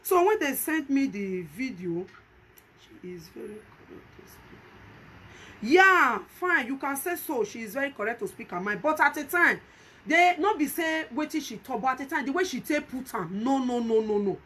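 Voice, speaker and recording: A woman's voice: sits high, animated, moderate pace, a bit bright, breathy edge. A woman with a Nigerian Pidgin accent giving emphatic, repetitive vlog commentary and pleading with viewers. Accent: Nigerian Pidgin English. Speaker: vlogger.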